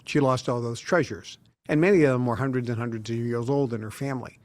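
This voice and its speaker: Here a man in his sixties talks quickly in a medium-pitched, slightly mellow voice, captured in a dry recording. As a guest in a studio interview, he recounts long stories and voices the quoted dialogue himself.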